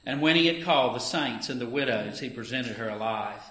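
Man, scripture reading, emphatic delivery, bright forceful tone, echoey room. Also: brisk. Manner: emphatic reading that lifts in pitch and volume for the scripture. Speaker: scripture reader at a church service.

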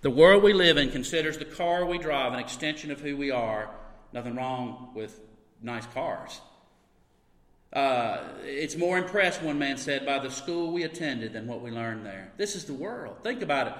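A man's voice: mid-range voice, animated, normal speed, a bit bright. A man preaching a sermon to his congregation, telling stories with sudden bursts of emphasis. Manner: storytelling with bursts of emphasis and laughter. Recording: long hall reverb.

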